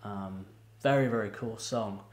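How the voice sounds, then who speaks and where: A man with a lowish voice hosts a music reaction video and talks loosely, laughing often and circling back with ums and restarts. His voice carries the echo of a bare room. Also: a little slow. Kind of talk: casual reaction commentary.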